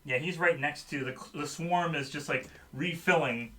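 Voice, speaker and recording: Bright-voiced man running a game. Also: on the high side, moderate pace, distant mic. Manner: laughs often. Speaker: game master. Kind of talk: narrating a tabletop game.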